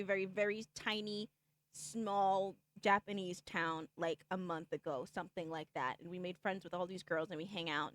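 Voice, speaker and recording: A woman streamer recaps a game's story for viewers in a casual, rambling way, full of "like" and "okay?", acting out the characters' lines as she goes. Her voice is medium-pitched and a bit bright.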